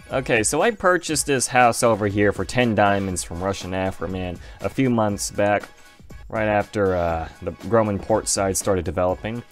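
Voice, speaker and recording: Lower-pitched man pitching playful game deals. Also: unhurried, soft background music. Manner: playful salesman-style pitching with frequent fillers. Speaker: game video host. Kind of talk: casual gameplay commentary.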